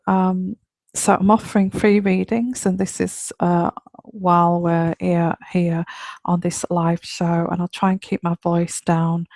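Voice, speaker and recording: A woman hosts a live online radio show as a tarot reader, keeping her voice low and whispery. Her pitch sits on the low side, and she rambles in a chatty way, full of fillers and restarts. The recording is dry and close, with no room sound. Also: dry recording. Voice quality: quiet, whispery voice. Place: home, late at night.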